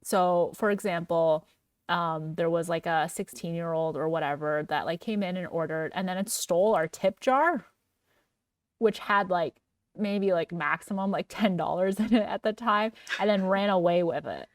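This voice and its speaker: A young woman co-hosting a podcast in a chatty, casual way, full of "like" fillers and quick laughs. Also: lowish voice, dry recording, studio quality, far from the mic. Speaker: podcast co-host. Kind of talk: casual chat.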